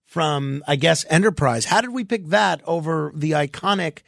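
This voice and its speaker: A man's voice: a little high, expressive, normal speed, gravelly, fairly bright tone, no room sound. A man hosting a talk radio show, giving opinionated commentary with sarcastic, mock-exasperated asides into a studio microphone.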